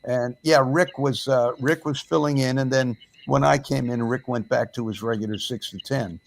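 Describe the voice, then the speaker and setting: An older man, once a radio disc jockey, looks back on his career in a relaxed podcast chat. He tells it as a story, pausing often on fillers. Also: mid-range voice, creaky. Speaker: former radio DJ. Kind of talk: casual reminiscing chat.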